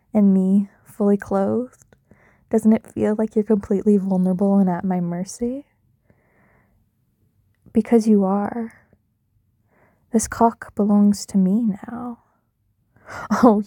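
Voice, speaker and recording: A young woman leads an intimate audio role-play in a teasing, dominant manner, dropping into soft whispers now and then. Her voice is mellow and warm, and she takes her time with every line. The sound is dry and close, with no room around it. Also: mid-range voice, no echo.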